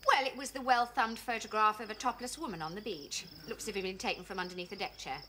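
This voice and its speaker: An actress playing a sharp-tongued, loyal wife with a cutting, frosty manner. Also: female voice, medium pitch, fast, slight background noise, lightly acted. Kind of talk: 1980s TV sitcom acting.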